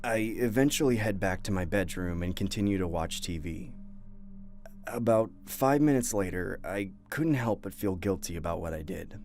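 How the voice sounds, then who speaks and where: A man's voice: deep voice, normal speed, darkish tone, soft background music. A young man narrating a true horror story in the first person, earnest and tense. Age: young adult.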